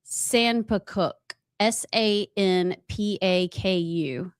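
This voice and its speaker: A woman's voice: medium pitch, slow, smooth, no room sound, clean studio sound. A woman co-hosting a talk show, giggly and rambling as she chats. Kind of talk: casual chat.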